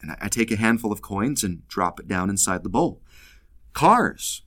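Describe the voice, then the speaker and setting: A man's voice: lowish voice, animated, normal speed, fairly bright tone. A man giving a casual scripture lesson, playful and humorous, acting out bits of dialogue. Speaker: scripture teacher.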